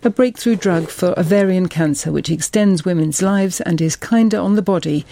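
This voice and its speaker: A woman reading a formal radio news summary in a steady, measured way. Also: fairly low pitch, creaky. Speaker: newsreader.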